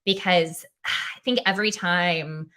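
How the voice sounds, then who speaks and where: Low, bright-voiced woman hosting a livestream. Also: takes it slowly. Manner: heartfelt, says "um" often, reads viewer comments aloud. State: tired and emotional. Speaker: livestream host, filling in. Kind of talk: casual livestream chat.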